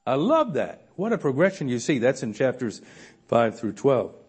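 A man preaching a sermon in a church room, animated, swinging between loud emphasis and soft asides with frequent chuckles. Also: mid-range voice, normal speed, slightly rough.

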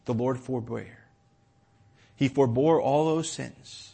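A man preaching a sermon in a church, stumbling and repeating words as he drives his points home, then dropping to a quiet tone. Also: medium pitch, slow pace, vocal fry, slightly rough. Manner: impassioned, repeats words, swings from loud emphasis to quiet.

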